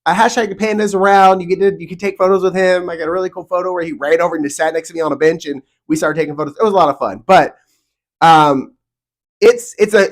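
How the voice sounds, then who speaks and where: Middle-aged guy vlogging to camera, highish voice, animated and emphatic, fake-outraged opinions. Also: fairly quick. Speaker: theme park vlogger. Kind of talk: casual opinionated vlog talk to camera. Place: home studio.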